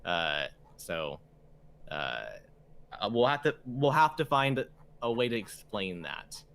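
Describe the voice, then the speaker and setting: A man's voice: medium pitch, sing-song, slow, a bit bright, clear, resonant tone. A man narrating as game master of a tabletop game, rambling and hesitant, with many fillers.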